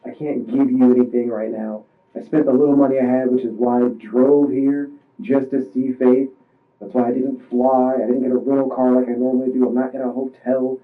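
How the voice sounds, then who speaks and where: A distressed man under police questioning, halting and rambling through his story with many restarts. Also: mid-range voice, flat delivery. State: distressed, voice strained. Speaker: suspect in police interrogation. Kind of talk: recounting events under questioning. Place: police interview room. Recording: tinny, distant interrogation-room recording.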